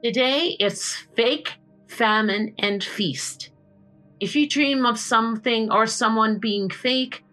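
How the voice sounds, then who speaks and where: Female podcast host, high bright voice, calm scripted read. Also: rough recording.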